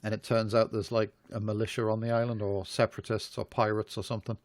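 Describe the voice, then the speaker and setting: A man's voice: lowish voice, little pitch movement, fast talker, no room sound. A man co-hosting a podcast, reviewing a film in rambling, amused casual chat full of fillers. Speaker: podcast co-host.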